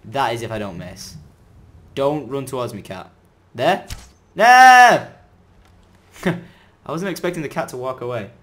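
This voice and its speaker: A man giving chatty, excitable commentary as he plays a game, breaking into sudden loud outbursts. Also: mid-range voice, moderate pace, long pauses. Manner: chatty running self-talk while playing. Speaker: gaming video creator. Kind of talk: let's-play gameplay commentary.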